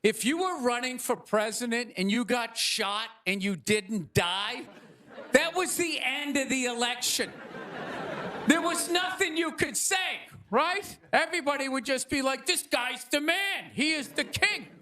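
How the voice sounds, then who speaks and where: A man doing a stand-up monologue on a theater stage into a stage mic, animated and ranting, often acting out other people's voices. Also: very high-pitched, measured pace. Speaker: stand-up comedian. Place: theater stage before a live audience. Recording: stage recording with crowd noise. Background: audience laughter.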